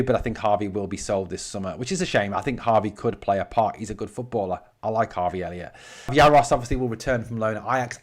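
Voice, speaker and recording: Blunt, opinionated man on a podcast. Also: mid-range voice. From northeast England. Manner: opinionated, blunt, swears at commenters. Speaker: podcast host. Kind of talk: solo podcast talk reading live chat.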